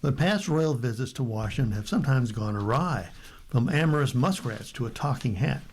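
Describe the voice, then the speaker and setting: A man with an American accent reading newspaper stories aloud for a radio reading service, steady and unhurried with light asides. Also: medium pitch, a little hiss or hum, low-quality recording.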